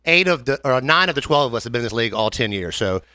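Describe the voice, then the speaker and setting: A quick-talking man spins a story on a podcast and jumps into other people's voices as he goes. His voice is bright and tense, and his pitch swings widely. The sound is dry and close to the mic. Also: no room sound. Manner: animated storyteller, acts out other people's lines. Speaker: podcast host. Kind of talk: casual chat.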